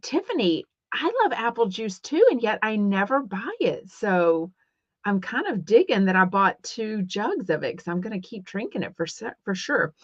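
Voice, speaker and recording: A woman's voice: mid-range voice, big pitch swings, normal speed, no echo. A middle-aged woman from Texas with a Texan accent, hosting a rambling, casual livestream podcast with lots of fillers. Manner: chatty and rambling, many fillers and restarts. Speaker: podcast host. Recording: dull lo-fi dry sound.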